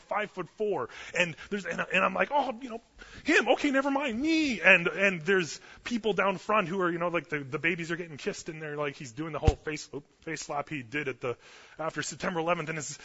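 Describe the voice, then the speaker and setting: A young man preaching a casual storytelling sermon, chatty and animated, loudly acting out the quotes. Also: fairly high pitch, slightly rough. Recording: muffled lo-fi sermon recording.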